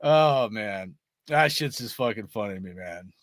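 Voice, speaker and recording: A man's voice: lowish voice, expressive, unhurried, a bit bright, dry recording, clean studio sound. A young man hosting a fan show, rambling casually with lots of swearing, laughter and "bro" and "dude". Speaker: sports fan show host. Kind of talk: casual rant to viewers.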